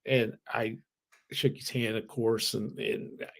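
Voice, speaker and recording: A man co-hosting a betting podcast, telling an animated story in casual chat, swearing now and then and laughing. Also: on the low side, a little slow, gravelly, slightly rough. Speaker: co-host.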